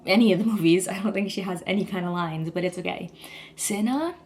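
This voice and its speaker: A woman's voice: on the low side, brisk, slight background noise. A young woman vlogger rambling in a casual, gushing chat, full of "like" and restarts. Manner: gushing, rambling, heavy use of "like".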